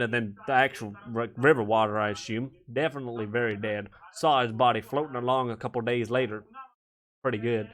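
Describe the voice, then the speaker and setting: A man's voice: medium pitch, a bit bright, natural voice. Man doing a smug Southern killer farmer. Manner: casual, boastful storytelling. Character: cheerfully murderous backwoods farmer man.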